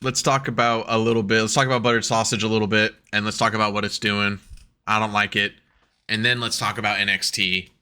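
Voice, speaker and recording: A man co-hosting a podcast in casual chat, talking excitedly and profanely and acting out quotes as he goes. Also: fairly low pitch, brisk, clear, resonant tone. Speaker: podcast co-host.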